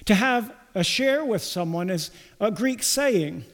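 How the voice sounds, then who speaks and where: Slow, high-voiced preacher in a hall. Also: male voice, lively intonation. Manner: slow, deliberate preaching with emphatic quoted lines. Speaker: pastor. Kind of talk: sermon.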